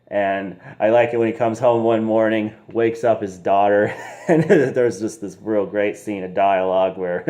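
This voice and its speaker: A man's voice: on the low side, mellow. A man casually reviewing a movie, rambling with frequent giggles and mild slang.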